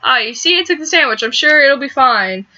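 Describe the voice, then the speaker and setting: A woman voicing Mari, an excitable cheerful teenage girl in a game, in a high gushing voice. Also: fairly quick, highs cut off, full character voice. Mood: eager.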